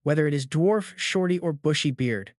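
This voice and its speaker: A man voicing a hot-tempered old male dwarf blacksmith who speaks in excitable bursts, read in a recap story. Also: a little high, normal speed, no room sound, studio quality, lightly acted. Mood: excited.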